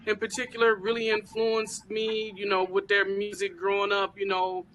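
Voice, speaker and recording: A woman chatting as an interview guest, her tone bright and forceful. She talks in an animated, emphatic way, full of informal slang and easy asides. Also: mid-range voice, normal speed. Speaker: guest, celebrity crafter. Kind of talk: casual interview chat.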